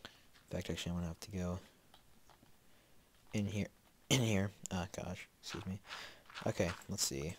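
A man's voice: deep voice, steady tone, moderate pace, long pauses, slight background noise. A man giving casual gameplay commentary as a Let's Play host, rambling and talking to himself with lots of fillers, a bit sniffly from a slight cold.

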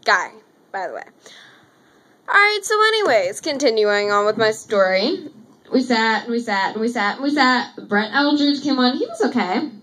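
Gushing, high-pitched teen girl fan. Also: lively intonation, moderate pace, a bit bright, low-quality recording. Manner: gushing, rambling, says anyways a lot. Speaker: vlogger. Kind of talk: excited casual vlog story. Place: her room.

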